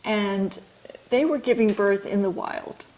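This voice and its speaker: A middle-aged woman, an author and midwife, explaining her ideas slowly and thoughtfully in an interview. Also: medium pitch, a little mellow, rough recording.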